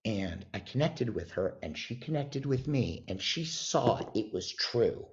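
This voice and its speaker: A man guest on a podcast, telling a story with emphatic, animated delivery and acting out the voices of the people in it. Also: medium pitch, measured pace. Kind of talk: storytelling in an interview. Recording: dull lo-fi sound.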